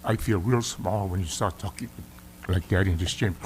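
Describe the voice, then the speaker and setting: A middle-aged man with a Samoan accent speaks as a senator in a legislative chamber, stern and emphatic as he scolds. His voice sits low, and a faint hum of noise runs under the recording. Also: normal speed. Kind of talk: formal hearing address.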